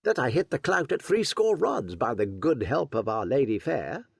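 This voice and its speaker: A man's voice: medium pitch, sing-song, moderate pace, creaky, slightly rough, no echo, studio quality, pitched above the performer's own voice, exaggerated voice. A man voicing a bold, eager young outlaw archer, raised and boastful.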